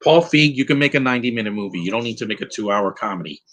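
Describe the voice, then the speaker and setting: A man's voice: lowish voice, expressive, rapid-fire, a bit bright, poor audio. A man giving a rambling, opinionated live commentary over a film, restarting his sentences often. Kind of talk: casual live movie commentary.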